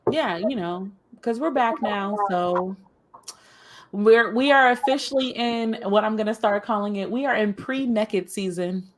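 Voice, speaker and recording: A woman co-hosting a book club podcast in casual chat, emphatic and quick to laugh. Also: medium pitch, a little hiss or hum. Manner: animated, laughs often, emphatic announcements. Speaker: podcast co-host.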